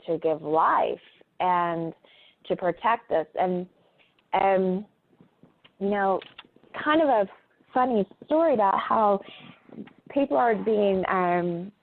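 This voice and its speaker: Very slow, halting woman on a tinny phone line. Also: lowish voice. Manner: hesitant, halting, many filler sounds. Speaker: guest. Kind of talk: casual interview over a call. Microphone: phone call.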